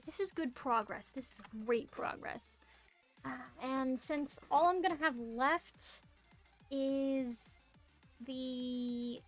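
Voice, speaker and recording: Drawing live on stream, a high-pitched woman with a Southern US accent talks casually with her chat, musing aloud and walking viewers through what she's doing.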